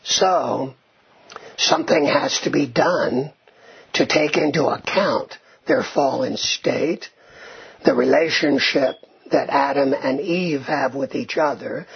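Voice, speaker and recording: A man's voice: mid-range voice, slow pace, gravelly, breathy edge. A man giving a lecture on biblical Hebrew, reading Hebrew passages aloud and checking in with the class with a frequent "right?". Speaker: Bible teacher. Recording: dull lo-fi lecture recording.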